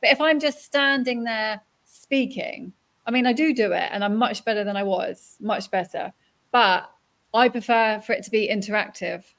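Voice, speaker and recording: A woman's voice: a little high, normal speed, gravelly, a bit bright. A woman hosting a conversational interview, chatty and reflective. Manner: chatty, reflective, laughs easily. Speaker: podcast host.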